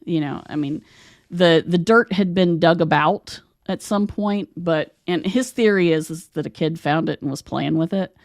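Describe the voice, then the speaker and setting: Low gravelly-voiced woman host. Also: a little mellow, dry recording, studio quality. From West Virginia. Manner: rambling, chatty storytelling. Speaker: podcast host. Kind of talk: casual conversation.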